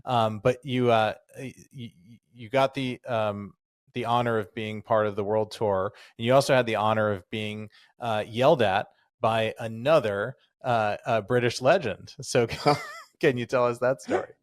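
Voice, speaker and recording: A man's voice: mid-range voice, normal speed, no echo, clean studio sound. A man co-hosting a podcast, eagerly prompting his guest with questions. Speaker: podcast co-host. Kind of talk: casual podcast interview.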